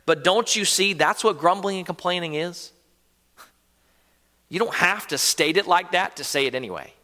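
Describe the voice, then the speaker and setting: A man preaching a sermon as pastor, earnestly asking questions of his listeners and dropping to hushed, low stretches between raised points. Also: moderate pace, in a large hall.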